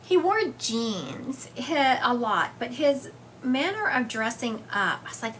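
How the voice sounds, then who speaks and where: She takes her time, her slightly high, slightly bright voice very animated, with a little hiss or hum in the phone or webcam audio. This Southern US psychic medium hosts a livestream, chatting loosely and reading viewer comments with many fillers.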